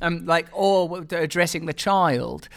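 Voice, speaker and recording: A man's voice: fairly high pitch, measured pace, vocal fry. A man hosting a casual podcast conversation, loose and swearing, with many fillers.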